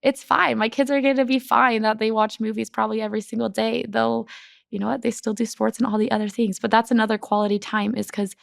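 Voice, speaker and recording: A young adult woman guest in a casual chat, talking fast and loosely with lots of "like," and brightening whenever she quotes her kids. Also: a little high, creaky, dry recording, clean studio sound. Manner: chatty, peppered with "like"; animated when quoting her kids. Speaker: podcast guest.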